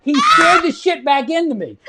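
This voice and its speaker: A man, a guest comedian telling a story on a podcast, animated and loud, acting out the scenes and swearing. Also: very high voice, normal speed, vocal fry, very noisy.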